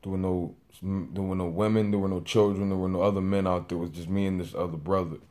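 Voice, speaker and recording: Low-voiced young man with a rambling testimony. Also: flat delivery, quick pace. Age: 20s. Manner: rambling, with many fillers and restarts; says he is a loud talker working on voice control. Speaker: vlogger. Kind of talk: personal testimony.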